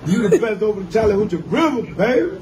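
A man's voice: high voice, sing-song, fast, noisy background. A man ribbing a friend on a phone call in a teasing, mock-threatening way. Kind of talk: comedic phone banter.

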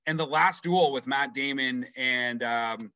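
A man co-hosting a casual movie podcast, who swears often and talks in an animated, playful way. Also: mid-range voice, a little slow, no echo, highs cut off. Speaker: podcast co-host. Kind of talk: casual chat.

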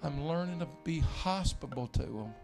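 Man, pastor preaching in a church, folksy anecdotes, gravelly voice. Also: fairly high pitch, expressive, normal speed, a little mellow, faint music behind. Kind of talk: sermon. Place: church sanctuary.

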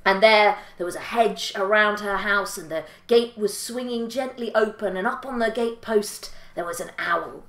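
A woman storyteller telling a folk tale in a lilting, expressive way. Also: mid-range voice, moderate pace, few pauses, reverberant.

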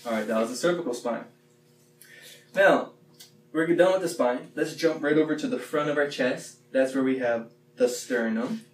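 A man leading a playful classroom warm-up, chanting the words slowly and loudly. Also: medium pitch. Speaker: teacher leading a movement warm-up. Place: x-ray room. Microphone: phone camera from a distance. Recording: echoey room, mic far off, faint hum.

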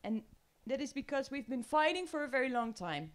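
A woman with a Dutch accent speaking to an audience on a panel, earnest and emotional, with pauses. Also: sits high, very animated. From Netherlands. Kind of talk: emotional public talk. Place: room with audience.

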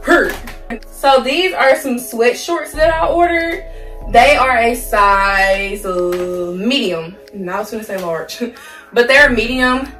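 A young woman talks casually and playfully to her viewers, full of slang and easy humor. Her voice sits a little high and she takes her time. She is heard from a distance in a roomy space, with faint music playing behind her. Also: takes it slowly. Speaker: haul vlogger. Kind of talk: casual clothing haul chat. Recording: roomy sound, mic at a distance, soft music.

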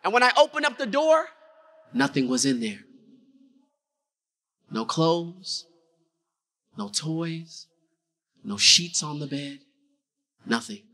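Bright-voiced male keynote speaker in an echoing hall. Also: fairly high pitch, big pitch swings, slow, long pauses. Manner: dramatic, with call-and-response to the audience. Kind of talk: motivational keynote storytelling. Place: large conference hall. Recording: reverberant conference hall.

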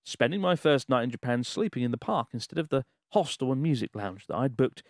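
A man's voice: mid-range voice, lively intonation, fairly quick, no room sound, clean studio sound. A man co-hosting a podcast, reading a listener's letter aloud in a casual way, laughing and swearing in disbelief as he goes. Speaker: podcast co-host.

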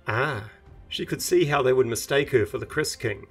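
A man reading his own fantasy novel aloud in measured, even audiobook narration. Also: mid-range voice, breathy edge, soft background music.

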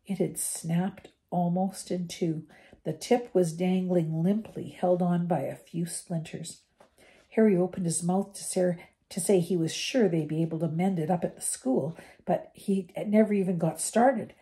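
An older woman reads a chapter book aloud for her grandchildren, her voice mellow and slightly low for a woman. She reads gently, now and then tripping on a word and starting it over. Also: fairly even intonation, a little slow. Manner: gentle reading with small slips and restarts. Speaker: storybook reader for her grandchildren. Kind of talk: reading a novel aloud.

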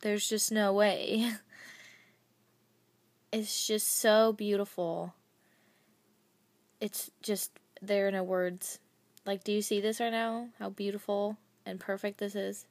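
A young adult woman gushing over gifts in a casual unboxing vlog, with bursts of breathy excitement. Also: mid-range voice, takes it slowly, pauses often, no echo. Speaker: vlogger.

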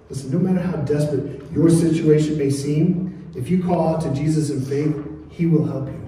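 A man's voice: fairly high pitch, steady tone, moderate pace, dark tone, slight background noise. A man preaching a sermon as pastor, earnest and calling on his congregation to respond. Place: church sanctuary. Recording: echoey church from far off.

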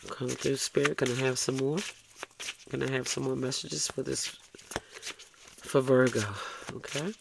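A man's voice: mid-range voice, fairly even intonation, normal speed, gravelly, pauses often, noisy background. A man giving a tarot reading, blunt and coaxing, swearing freely and ending lines with "okay?". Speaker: tarot reader.

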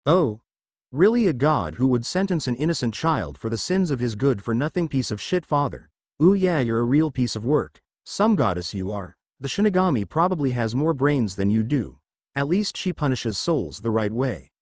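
A man's voice: mid-range voice, big pitch swings, normal speed, a little mellow, dry recording, clean studio sound. A man voicing a hot-tempered young male ninja who talks in a defiant, taunting way. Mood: furious taunting.

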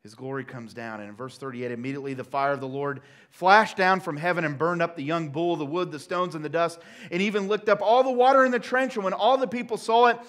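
A male pastor delivers a sermon in a church, his voice sitting a little high. He tells the story with animated energy, shouting out the quoted lines and then dropping to a quiet, hushed tone for asides. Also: fast. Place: church sanctuary.

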